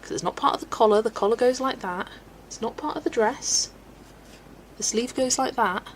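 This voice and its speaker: A woman's voice: a little high, normal speed, a little hiss or hum, poor audio. A woman in her twenties with a West Country accent, chatting casually while colouring on a live stream, thinking aloud and laughing often. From England.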